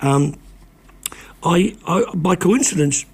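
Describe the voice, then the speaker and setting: An older man, a former reporter, talking as a guest in a casual conversation, halting often with restarts and repeated words. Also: sits high, expressive, husky.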